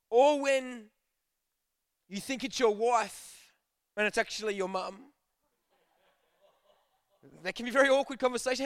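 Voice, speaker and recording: A man's voice: very high voice, normal speed, pauses often, fairly bright tone, clear, resonant tone, no echo, clean studio sound. A young man giving a casual, joking sermon to a youth group, telling stories and acting out bits of dialogue. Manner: chatty, jokey, acts out dialogue. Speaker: youth preacher.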